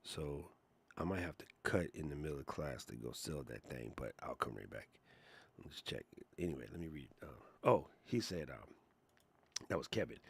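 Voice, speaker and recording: A man hosting a live creator Q&A stream, talking in an animated, slangy, chatty way. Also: very deep voice, normal speed, vocal fry, slightly rough. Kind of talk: casual live-stream chat.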